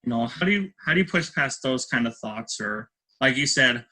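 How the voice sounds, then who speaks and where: A man's voice: mid-range voice, expressive, moderate pace, sharp tone, low-quality recording. A man hosting a podcast interview, asking long, rambling questions full of fillers.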